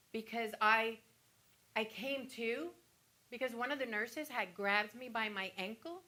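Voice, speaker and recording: An actress playing a wounded woman patient on stage who recalls cruel nurses, teary and halting with flashes of wry humor. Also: fairly high pitch, sharp tone. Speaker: stage actor playing a breast cancer patient. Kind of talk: theatrical monologue.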